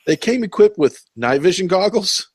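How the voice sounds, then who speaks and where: A man's voice: high voice, sing-song, moderate pace, slightly rough, dry recording. A man hosting a casual podcast chat, rambling and laughing often. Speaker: podcast host.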